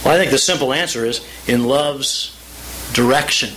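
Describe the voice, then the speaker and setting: A pastor preaching a sermon, reading scripture aloud in a deliberate way and slowing down to stress key phrases. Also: male voice, mid-range voice, a bit bright, a little hiss or hum, low-quality recording. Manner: deliberate, with emphatic slowed phrases; reads scripture aloud and invites the congregation to read along.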